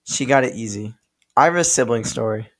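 A man's voice: mid-range voice, fairly quick, a bit bright. A young man co-hosting a podcast, telling stories in a loose, rambling way, swearing and laughing often. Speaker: podcast co-host. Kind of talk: casual storytelling chat.

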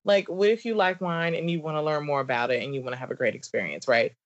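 A woman's voice: low voice, fast talker. A woman in her thirties with a Southern accent, a podcast guest talking in a bubbly, chatty way with frequent laughs and likes. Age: 30s. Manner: bubbly and talkative, laughs often, many likes and ums. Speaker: podcast guest, business coach. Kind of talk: casual interview chat. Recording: dull lo-fi remote audio.

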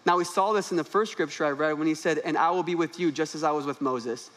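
Speaking quickly in a slightly high voice, the young man newly serving as pastor preaches from the church stage. His sermon is lively and full of jokes, with emphasis that keeps rising.

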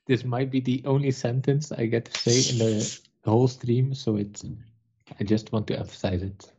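A man playing in a tabletop game stream, talking in a deadpan, mock-stubborn way during casual banter. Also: mid-range voice, normal speed, dull audio, slight background noise. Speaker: player, announcer of the group.

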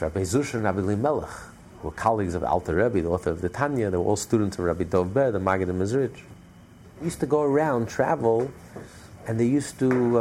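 A man with a gravelly, dark voice teaching a religious class. He tells his story with animation and stops often to restart his sentences. Faint noise sits under the recording. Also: fairly low pitch.

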